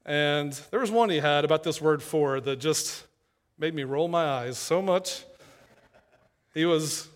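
A man's voice: on the high side, measured pace. A man from East Tennessee preaching a sermon in a conversational, earnest way, building to emphatic points. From East Tennessee, USA.

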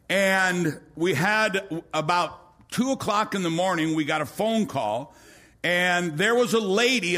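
A male pastor preaching a sermon in a church, telling a story with acted-out quotes and rising to shouts. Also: sits high. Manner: storytelling, acts out quoted voices, rises to shouting.

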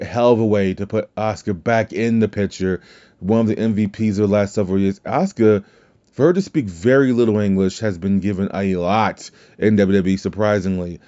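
A man with a Southern US drawl hosts a solo podcast in a low, mellow voice. He rambles casually and corrects himself as he goes. The audio is dull and lo-fi. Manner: rambling and conversational, with fillers and self-corrections. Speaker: podcast host.

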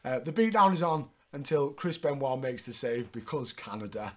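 A man's voice: medium pitch, animated, moderate pace, a little mellow. A man hosting a podcast, recapping in a chatty, sweary way and laughing often. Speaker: podcast host. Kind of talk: casual recap chat.

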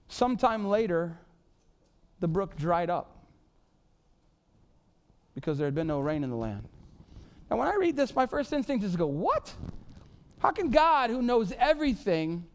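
A man's voice: sits high, clear, resonant tone. A man preaching a casual, joking sermon full of "y'all" and "like". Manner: animated, joking, says "y'all" and "like" a lot. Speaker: pastor.

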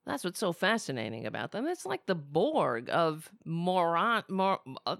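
A woman's voice: fairly low pitch, very animated, measured pace, creaky, a bit bright, dry recording, studio quality. A woman hosting a live political commentary stream, sarcastic and profane.

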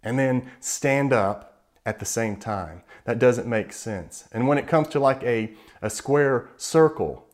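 A man preaching a sermon in an earnest, measured way, slowing down to stress key words. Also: mid-range voice.

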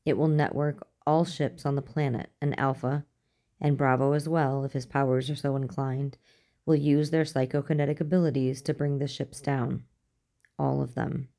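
A woman reading the lines of a stern male general in a measured, authoritative way. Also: very deep voice, fairly even intonation, dark tone. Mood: grave.

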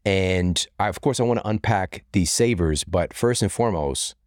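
A man's voice: deep voice, normal speed, a little mellow, no room sound, studio quality. A man hosting a podcast interview, enthusiastic and reflective as he responds to his guest. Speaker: podcast host.

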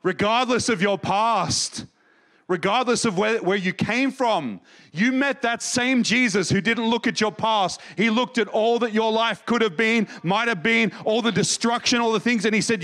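A man with a notably high-pitched voice delivers a sermon. He preaches with passion, pushing his voice up with urgency and then dropping into a soft, intimate hush as he tells the story. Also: normal speed. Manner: impassioned, swings from raised to hushed.

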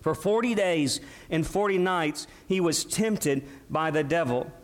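A high-pitched male pastor delivering a sermon. He preaches with emphasis, throwing rhetorical questions out to the congregation and answering them himself. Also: unhurried.

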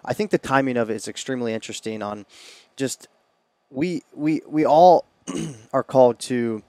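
Podcast co-host guy, lots of quick yeahs and right, stumbles and restarts, dry close sound. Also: medium pitch, mellow, no echo. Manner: brief agreeing replies, halting restarts. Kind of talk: casual chat.

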